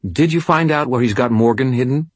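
A man's voice: mid-range voice, brisk, breathy edge, dry recording, voice pushed up, lightly acted. A man reading an audiobook voicing a haughty, mocking wealthy woman with a cold, waspish manner. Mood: impatient, scornful.

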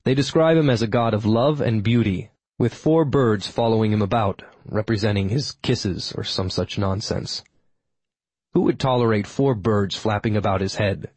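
Man, audiobook narrator, husky, low voice, dry wry delivery. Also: normal speed, darkish tone, no echo. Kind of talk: scripted first-person narration.

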